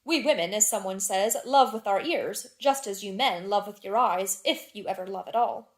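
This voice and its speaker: A woman reading the part of a lively young duchess in a classic novel, chatting in playful society banter. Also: mid-range voice, moderate pace, close to an everyday voice. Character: lively, teasing young aristocratic Victorian duchess.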